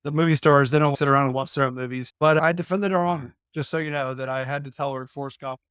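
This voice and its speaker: A man's voice: medium pitch, fairly even intonation, fast talker, fairly bright tone, clean tone, dry recording, clean studio sound. A man in his thirties, a podcast guest and former college football player, telling an anecdote in a casual, playful, self-deprecating way.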